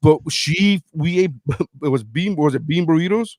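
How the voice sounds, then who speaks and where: A man's voice: a little high, normal speed, a little mellow, no room sound, studio quality. A middle-aged man hosting a podcast, telling stories in casual chat and acting out his own lines, swearing freely. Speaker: podcast host.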